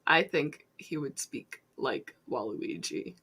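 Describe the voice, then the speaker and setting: A woman's voice: extremely low pitch, slow pace, heavy background noise. A young woman co-hosting a podcast, giggly and riffing in casual chat. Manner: giggly, animated, silly riffing. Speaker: podcast co-host.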